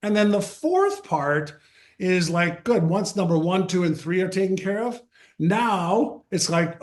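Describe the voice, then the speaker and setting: A man in his sixties, a guest on an interview show, telling a story in a lively conversational way and acting out the quotes. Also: high voice, unhurried. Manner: animated, acts out quotes. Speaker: guest, mindset author.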